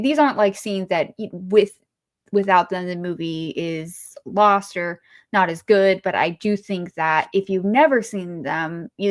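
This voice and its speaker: Woman, podcast co-host, casual chat, rambling, lots of fillers. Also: lowish voice. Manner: chatty, rambling with fillers and restarts.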